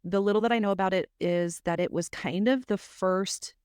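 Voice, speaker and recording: A woman, co-hosting a podcast with chatty, quick reactions. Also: medium pitch, darkish tone, smooth, no echo, studio quality. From South Mississippi. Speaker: podcast co-host. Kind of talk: casual podcast chat.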